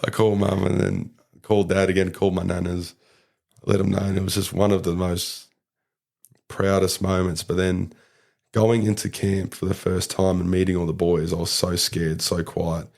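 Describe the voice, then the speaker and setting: A young Australian man tells a story in a casual podcast chat. His voice sits very low and carries a gravelly fry. He rambles from thought to thought and leans on fillers. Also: flat delivery, moderate pace, darkish tone. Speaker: podcast guest, rugby league player.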